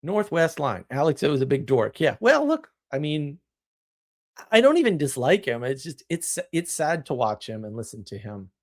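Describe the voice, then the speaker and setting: Animated, opinionated male live-streamer. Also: on the high side, moderate pace. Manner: animated, opinionated, rambling with restarts. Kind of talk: casual live-stream talk answering chat.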